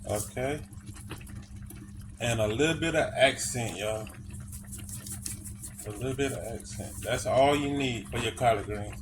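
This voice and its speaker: A man's voice: medium pitch, unhurried, pauses often. Man, mid-range voice, easygoing cooking vlogger who keeps saying y'all, noise and cooking sounds behind him. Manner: folksy, repeats phrases, addresses viewers as y'all. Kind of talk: casual cooking demonstration. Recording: clear background noise.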